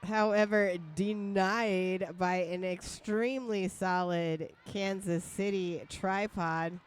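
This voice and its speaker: A woman's voice: mid-range voice, steady tone, slow pace, clean tone. A woman announcing a roller derby bout live, giving play-by-play with playful, jokey banter between calls.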